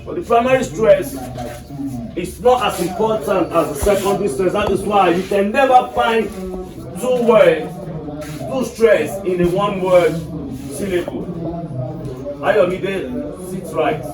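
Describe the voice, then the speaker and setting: A man's voice: high-pitched, measured pace, long pauses. A man teaching an English lesson to a class, repeating his points and quizzing students with prompts. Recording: echoey room from far off, music behind.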